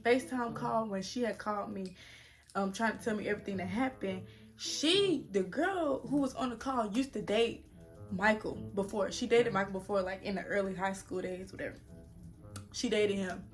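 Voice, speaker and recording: Woman in her twenties, casual storytime vlog, animated and slangy, talks right to viewers, medium pitch. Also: moderate pace, faint music behind. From United States. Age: 20s. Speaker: vlogger.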